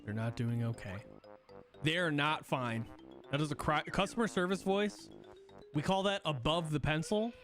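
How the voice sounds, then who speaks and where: A man's voice: on the high side, normal speed, a bit bright. A young man streaming a game, chatting casually, rambling and swearing as he restarts his sentences. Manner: swears freely, rambling, self-correcting. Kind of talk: casual gaming stream chat. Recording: music playing behind.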